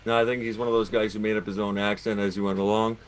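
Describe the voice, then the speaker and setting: A man's voice: on the low side, level tone, fast. A Canadian man co-hosting a podcast, talking in a rambling way with many restarts. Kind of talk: casual podcast banter.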